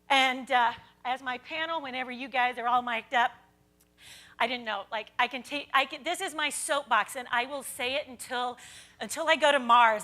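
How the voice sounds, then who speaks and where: A woman moderating a conference panel and telling an animated story, acting out the people she quotes. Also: high voice. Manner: animated anecdote with quoted voices. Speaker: panel moderator and children's science show host.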